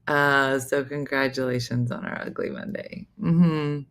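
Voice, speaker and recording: A woman comedian hosting a morning show, telling a chatty, animated story with frequent asides. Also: a bass voice, measured pace. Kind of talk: casual comic storytelling.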